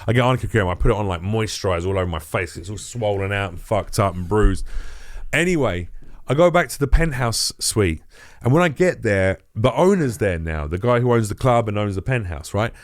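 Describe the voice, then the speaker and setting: A middle-aged comedian tells a wild story casually, swearing freely and acting out the other people's voices. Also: male voice, lowish voice, a little fast. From England. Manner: profane, animated, acts out quoted voices. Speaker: comedian guest.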